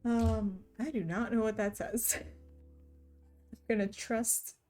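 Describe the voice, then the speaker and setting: Chatty, giggly woman streamer, mellow voice. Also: a little high, fairly even intonation, takes it slowly, soft background music. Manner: chatty and giggly, often laughing. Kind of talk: casual chat while reading chat aloud.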